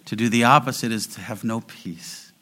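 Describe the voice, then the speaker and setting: A man preaching a sermon in an earnest way, slowing down and rising in volume to stress key phrases. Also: mid-range voice, sharp tone. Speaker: pastor.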